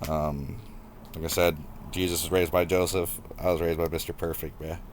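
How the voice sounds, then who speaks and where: A young man with a low, deep voice tells his life story straight to the camera. He talks casually and haltingly, often restarting sentences as he thinks back. Soft background noise sits under the recording. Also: flat delivery. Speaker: vlogger.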